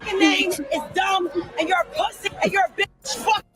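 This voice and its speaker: A woman streamer ranting at someone, shouting and cursing as she insults him. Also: extremely high pitch, normal speed. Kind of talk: angry livestream rant. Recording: loud music and crowd behind.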